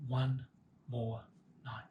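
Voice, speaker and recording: A man voicing a small, eager male swallow in a children's story, talking high and fretful. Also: little pitch movement, very slow, phone-quality sound. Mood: pleading.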